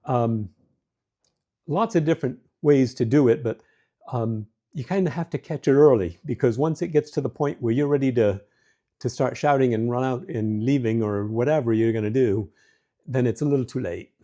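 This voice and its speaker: A middle-aged man hosting a show, giving marriage advice in a relaxed, conversational way with frequent fillers. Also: medium pitch, moderate pace. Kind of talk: casual advice talk.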